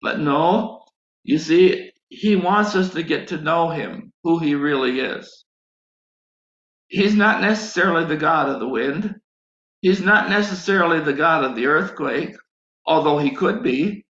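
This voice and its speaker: A man's voice: a little high, measured pace, fairly bright tone. Preacher guy telling his story, acts out his prayers, echoey dull recording. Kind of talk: sermon testimony.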